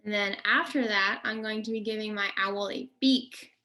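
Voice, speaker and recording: A woman nature educator giving a children's lesson, talking slowly and in a friendly way to the kids. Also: medium pitch, fairly even intonation, pushed and bright, a little hiss or hum. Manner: friendly, slow, addressing kids directly.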